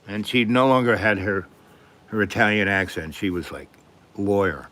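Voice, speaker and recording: An older man from New York City rambles through personal stories on his live stream. His voice sits a little low, and he keeps stopping to clear his throat and cough. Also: unhurried, fairly bright tone. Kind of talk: rambling storytelling.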